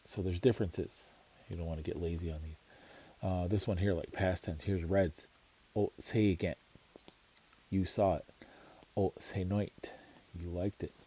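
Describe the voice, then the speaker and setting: Low husky guy walking through a language lesson, slow and laid back, says words over and over. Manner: relaxed, explanatory, repeats words slowly. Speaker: language teacher. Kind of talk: casual screen-share lesson.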